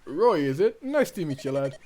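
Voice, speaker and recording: A man's voice: fairly high pitch, big pitch swings, moderate pace, darkish tone, a little hiss or hum. A man reading a blunt, teasing middle-aged lord in his own voice. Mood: blunt warm.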